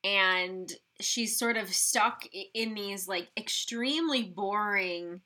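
A woman's voice: medium pitch, slow, sharp tone. A woman co-hosting a podcast, recapping a film in a casual way with frequent "like" fillers. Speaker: podcast co-host.

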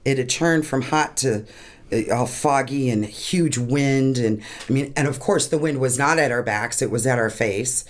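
A woman recounts a deeply personal experience in an interview, speaking earnestly. Her voice wavers with emotion, close to tears, and laughter often breaks through. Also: moderate pace. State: tearing up. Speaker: guest.

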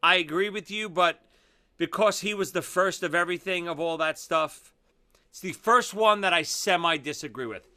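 A man's voice: high-pitched, moderate pace, pushed and bright. A man co-hosting a casual talk show, blunt and opinionated, often restarting his sentences. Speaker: podcast co-host. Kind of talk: casual chat.

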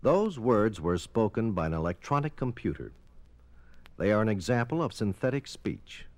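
A man's voice: fairly low pitch, darkish tone, no room sound. A man giving formal, explanatory scripted narration for an educational film.

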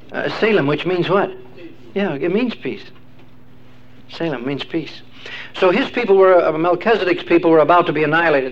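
An older man teaching a class in a rambling lecture, quizzing his listeners with questions and many fillers. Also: a little high. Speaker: religious teacher. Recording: dull lo-fi recording with faint hiss.

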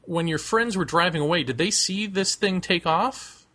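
A man's voice: high voice, normal speed, sharp tone. A man interviewing a guest on radio, asking probing follow-up questions.

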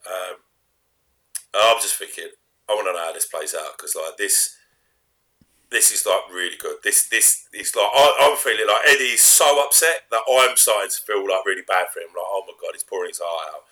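A man recapping a wrestling show in a rambling way, often trailing off quietly. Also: deep voice, normal speed. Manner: rambling recap, drops to a mumble. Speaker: co-host. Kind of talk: casual chat.

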